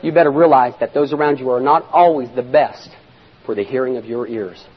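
A man preaching a sermon in a dramatic manner, swinging between loud shouts and near-whispers. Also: medium pitch, a little fast, slightly rough. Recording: echoey hall, dull lo-fi sound.

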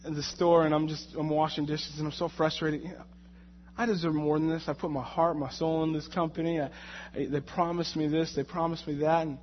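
Brief: young male preacher, fairly high voice, animated and jokey, stumbles and repeats words; sermon in a church hall. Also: a little fast, a little hiss or hum. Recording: muffled, in a reverberant hall.

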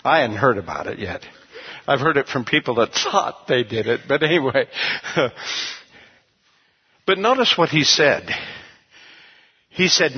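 Husky-voiced man preaching. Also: mid-range voice, sing-song, measured pace, long pauses, muffled recording. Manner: conversational storytelling preacher. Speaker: pastor. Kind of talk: sermon.

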